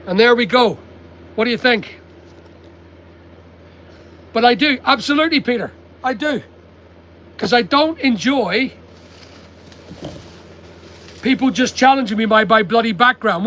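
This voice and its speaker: A man's voice: very high-pitched, animated, unhurried, long pauses, fairly bright tone, a little hiss or hum, poor audio. An older man with a British accent, chatting bluntly on a livestream from his stock depot and reading out viewer comments. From United Kingdom. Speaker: online seller livestreaming. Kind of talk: casual livestream chat. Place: stock depot at a packing table.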